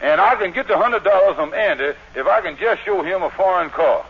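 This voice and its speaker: A scheming lodge leader in an old radio comedy, pitching his plans in a high, bouncy voice that swoops all over. His tone is husky, and the broadcast sounds muffled and dull. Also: full character voice. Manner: halting, wheedling, lively. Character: scheming smooth-talking male lodge leader. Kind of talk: 1950s radio comedy acting.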